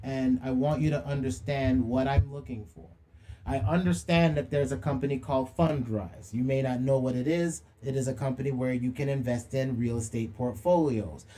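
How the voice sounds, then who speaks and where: A man's voice: mid-range voice, moderate pace, dark tone. A young man hosting a livestream monologue, preachy and slangy, firing rhetorical questions and calling people out. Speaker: livestream host.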